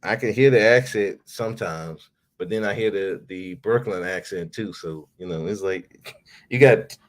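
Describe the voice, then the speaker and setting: A man's voice: sits low, normal speed. A man hosting a podcast, ranting in a casual, heated way, swearing freely and repeating himself. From United States. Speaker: podcast host.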